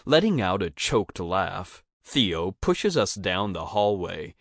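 A man reads a first-person audiobook in a steady, even storytelling manner. His voice sits very low and his pace is unhurried. The recording is dry and close on the mic. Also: no echo.

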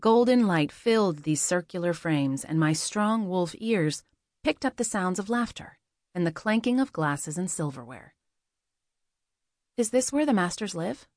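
A woman reading a first-person fantasy audiobook, measured and quietly expressive. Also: on the low side, dry recording, clean studio sound. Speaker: audiobook narrator.

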